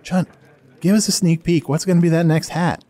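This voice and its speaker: A man's voice: on the high side, fairly even intonation, fairly quick, warm tone. A man hosting a comedic improvised fantasy role-play podcast, talking in a playful, teasing way. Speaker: podcast host in character.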